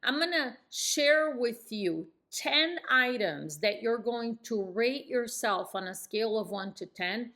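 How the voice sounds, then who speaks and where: A middle-aged woman coaching real estate agents, speaking firmly in falling tones and jumping up high to demonstrate. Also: expressive, slow, hardly any pauses, sharp tone. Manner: emphatic, demonstrates phone tones with sudden high pitch jumps; speaks in firm downswings. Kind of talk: coaching lesson to camera.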